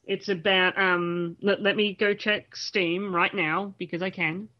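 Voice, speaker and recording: A woman's voice: fairly low pitch, fairly even intonation, unhurried, dull audio. A woman hosting a casual podcast over a voice call, chatty and stumbling over her words. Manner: chatty, restarts often. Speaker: podcast host. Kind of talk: casual group chat on a call. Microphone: home mic on a voice call.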